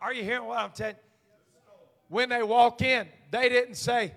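A male senior pastor preaching a Pentecostal sermon in a church. He moves from hushed storytelling to shouted, rhythmic preaching. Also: sits high, normal speed, vocal fry. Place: church sanctuary.

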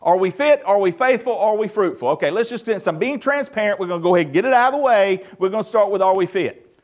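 A middle-aged man preaching a sermon as pastor, emphatic and lively with touches of humor. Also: high-pitched, fast.

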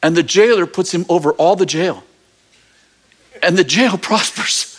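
A man preaching a lively sermon, retelling a story with jokes and acted-out voices. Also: high voice, a little slow. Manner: animated, acts out voices, jokey asides. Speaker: pastor.

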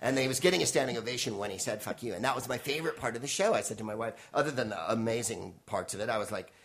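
A middle-aged man, a stand-up comedian and guest, telling rambling, animated stories in casual conversation and acting out other people's voices. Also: medium pitch, rapid-fire, breathy edge. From United States (San Francisco).

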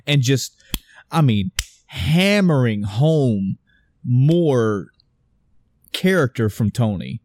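Brief: young adult man, casual movie recap, animated and profane, dry close sound. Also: mid-range voice, drawn-out words, long pauses, dry recording. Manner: animated retelling with swearing and acted quotes. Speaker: podcast co-host discussing a movie. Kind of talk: casual chat.

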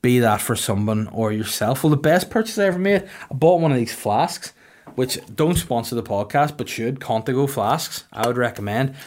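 A man in his thirties with a Northern Irish accent, hosting a podcast with crude, deadpan comic storytelling. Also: medium pitch, normal speed, a little hiss or hum. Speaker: podcast host. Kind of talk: casual comedic podcast chat.

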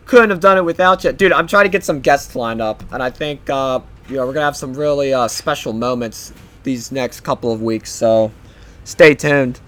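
A man's voice: mid-range voice, normal speed, a bit bright. A young man hosting a solo podcast, rambling casually and swearing often. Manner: rambling, profane, offhand. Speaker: podcast host.

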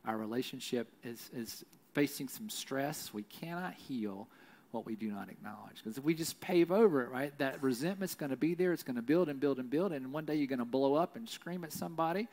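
Middle-aged pastor guy preaching, slightly high voice, keeps saying right?, goes soft and slow on the big lines. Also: expressive. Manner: conversational preaching, often adds "right?"; slows down and drops to a hush for key lines. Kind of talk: sermon.

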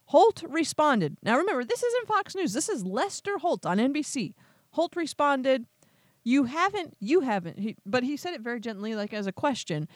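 A woman's voice: high-pitched, moderate pace, no echo, clean studio sound. A woman host giving opinionated news commentary, sarcastic and incredulous, retelling quotes with exasperation. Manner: quotes others in animated retellings.

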